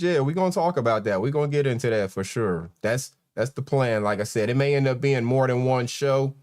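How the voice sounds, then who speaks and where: Host, man, 40s, laid-back live-stream chat, greets viewers by name. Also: medium pitch.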